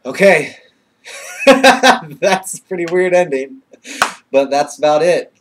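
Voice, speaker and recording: Slow and sing-song, a young man with a fairly high voice speaks into his webcam in a casual vlog. He's emotional and nervous, rambling with lots of filler words and swearing, frequently laughing.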